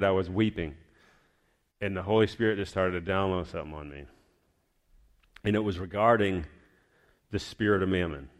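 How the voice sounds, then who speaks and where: A man giving a personal testimony to his church, telling a story in a rambling, heartfelt way. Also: low-pitched.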